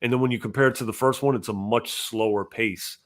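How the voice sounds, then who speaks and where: A man hosting a casual gaming podcast and reading out viewer donations, with animated talk that jumps from loud bursts to low mutters. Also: fairly quick. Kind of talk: casual chat.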